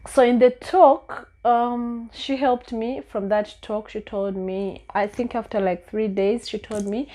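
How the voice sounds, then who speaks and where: A woman's voice: a little high, steady tone, measured pace, few pauses, mellow. Earnest Ugandan woman telling her story. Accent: Ugandan English. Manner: earnest, storytelling with many fillers and repeats. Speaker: vlogger. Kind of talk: personal story vlog.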